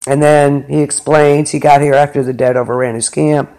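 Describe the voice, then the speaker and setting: Podcast host, male, slightly higher pitch, loose filler-heavy recap delivery. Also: little pitch movement, moderate pace, a little mellow. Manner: rambling, filler-heavy storytelling. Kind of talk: casual episode recap chat.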